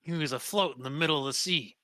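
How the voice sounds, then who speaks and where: A man's voice: a little high, quick pace, sharp tone, no room sound, pitched above the performer's own voice. A man voicing a wary, homesick male sailor who speaks plainly and calls others buddy or friend. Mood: weary. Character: weary homesick male sailor, former crew.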